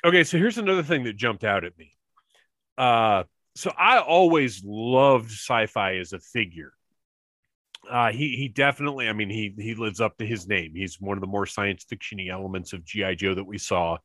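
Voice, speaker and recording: A man co-hosting a casual fan podcast, telling stories in an excitable, animated way with quick asides over a remote call mic. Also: on the low side, no room sound, clean studio sound. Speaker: podcast co-host.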